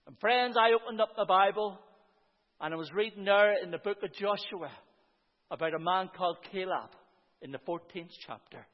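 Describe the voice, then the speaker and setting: A man's voice: sits high, moderate pace. A man in his fifties preaching his testimony to a church gathering, earnest and often repeating "and you know, friends". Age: 50s. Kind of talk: sermon testimony. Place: church hall with about 150 people. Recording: reverberant hall, dull lo-fi sound.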